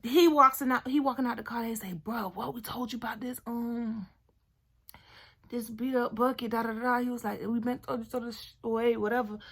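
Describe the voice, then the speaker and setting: A young woman vlogger chatting through a storytime while doing her hair, animated and talkative, sometimes dropping to a hushed voice. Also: fairly high pitch, moderate pace. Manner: animated, chatty, drops to near-whisper at times.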